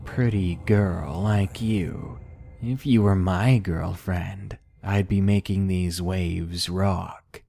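A man voicing a creepy, leering middle-aged male stranger who talks low and slow. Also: fairly even intonation, creaky, warm tone, soft background music, exaggerated voice.

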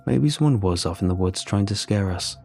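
A man voicing a steady, protective young husband in a spoken horror story, talking slowly and measured. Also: on the low side, creaky, faint music behind. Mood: thoughtful. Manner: slow, measured.

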